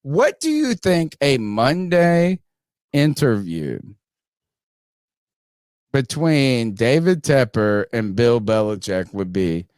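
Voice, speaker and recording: A man hosting a sports podcast, talking casually, animated and profane, joking with co-hosts. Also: mid-range voice, takes it slowly, no room sound, studio quality. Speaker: podcast host.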